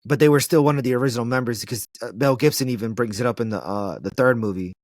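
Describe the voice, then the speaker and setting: A man in casual movie chat, animated and slangy, laughing often as he talks. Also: medium pitch, fast talker, no room sound, clean studio sound.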